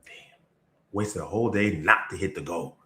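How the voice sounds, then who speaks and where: A fairly low-voiced man gives a motivational sales talk. He tells his story with punchy energy and leaps up in pitch for emphasis. The sound rings in an echoey room. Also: normal speed, sharp tone. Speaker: sales trainer. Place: event room or video call.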